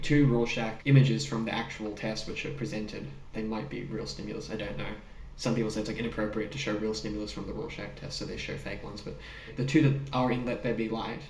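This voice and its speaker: A man co-hosting a podcast in a casual film discussion, talking in an animated way with laughs and the odd swear word. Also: lowish voice, recorded from a distance, a little hiss or hum. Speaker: podcast co-host. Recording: roomy sound, speaker off the mic.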